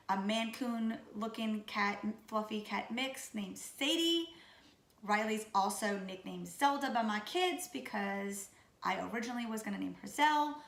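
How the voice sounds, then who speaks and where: A woman in her late thirties from Louisiana, with a Louisiana accent, who sounds raspy and sick, chatting casually and goofily to camera about herself. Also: mid-range voice, fairly bright tone, roomy sound. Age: 30s. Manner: goofy, chatty. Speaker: vlogger. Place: room at home.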